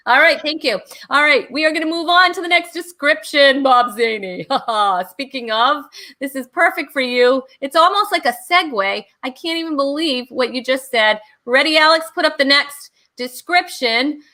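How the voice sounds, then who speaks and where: Woman, host, online talk show, bubbly, laughs a lot, high, bright voice. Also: normal speed. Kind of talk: casual game show hosting.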